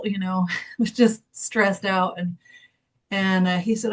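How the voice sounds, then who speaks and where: A woman with a mid-pitched voice tells the group a personal story over a video call. She speaks in a relaxed way, laughs lightly now and then, and acts out the dialogue. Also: normal speed. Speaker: group member.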